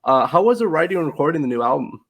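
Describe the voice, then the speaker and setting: A man's voice: fairly high pitch, very animated, rapid-fire, gravelly. A man hosting a podcast, chatting eagerly with a guest and filling his talk with "you know". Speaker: podcast host. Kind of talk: casual interview chat.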